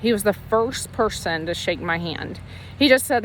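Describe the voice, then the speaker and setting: A woman's voice: mid-range voice, expressive, moderate pace, fairly bright tone, slight background noise. A woman sharing a personal faith testimony in casual, earnest storytelling, emotional and rambling with frequent restarts. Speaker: Christian ministry leader sharing her testimony.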